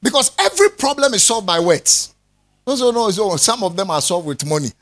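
A pastor with a high-pitched voice preaches a sermon briskly and with animation, joking with his congregation and calling for their responses.

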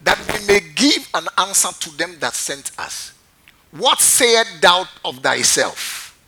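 Male pastor, unhurried, sharp bright tone, keeps quizzing the congregation and repeating lines. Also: high-pitched, sing-song, slightly rough. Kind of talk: sermon with call-and-response.

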